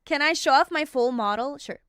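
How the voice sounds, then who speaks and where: A woman's voice: sits high, brisk, a bit bright. A woman streaming as a VTuber and chatting casually with her viewers, giggly and playfully bossy.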